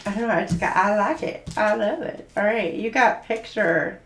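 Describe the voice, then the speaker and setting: A woman's voice: medium pitch, moderate pace, hardly any pauses, roomy sound, slight background noise. A woman giving a casual tarot reading, gushing and giggling, with lots of fillers as she talks. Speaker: tarot reader.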